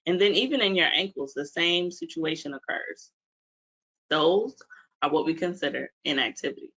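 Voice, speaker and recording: A woman from Washington, D.C. gives a webinar talk as a physical therapist. Her voice is bright and forward, and she keeps asking the audience questions. The audio is dull and lo-fi, like a webinar stream. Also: fairly low pitch, sing-song, normal speed, vocal fry. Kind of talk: webinar presentation.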